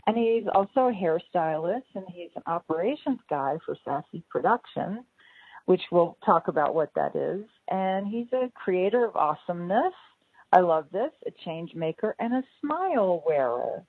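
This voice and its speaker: A woman's voice: fairly low pitch, lively intonation, normal speed, husky, no room sound. A woman hosting a casual interview over a call, gushing and laughing often. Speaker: podcast host. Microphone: call audio. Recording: tinny call line, dry.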